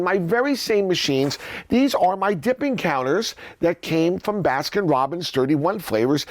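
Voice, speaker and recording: A man hosting a casual vlog, telling animated, enthusiastic stories about his collection. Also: a little high, no room sound. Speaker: host. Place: indoors, in his collection rooms.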